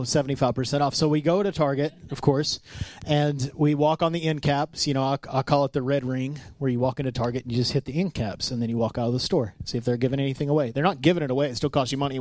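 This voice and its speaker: A man's voice: mid-range voice, dry recording. A man in his thirties preaching a casual, conversational sermon, telling stories and acting out the quotes. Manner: storytelling, animated, acts out quotes. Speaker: pastor.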